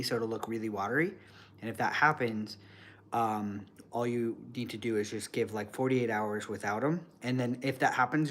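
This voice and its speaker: Low-voiced man giving practical advice. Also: a bit bright, slight background noise. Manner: plain, practical advice with fillers. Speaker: co-host explaining bird care. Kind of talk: casual explanatory chat.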